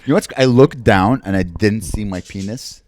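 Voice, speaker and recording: A man's voice: fairly low pitch, moderate pace, a little mellow, no echo. A young man co-hosting a comedy podcast, teasing and crude, laughing often. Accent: Montreal English. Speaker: podcast co-host. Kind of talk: casual comedic banter.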